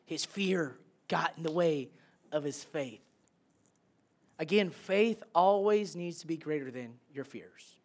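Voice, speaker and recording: A man preaching a sermon as a pastor, animated, swinging between loud bursts and hushed, quiet lines. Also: a little high, slow pace.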